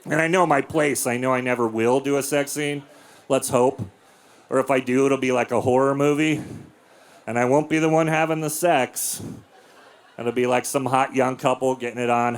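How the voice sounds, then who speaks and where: A man in his forties performing a stand-up comedy set on a club stage, telling crude stories deadpan and bursting into loud acted-out voices. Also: mid-range voice.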